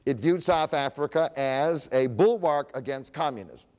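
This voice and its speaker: Man, public lecture, animated pitch, rhetorical questions, reverberant hall. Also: moderate pace. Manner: asks rhetorical questions and answers them himself.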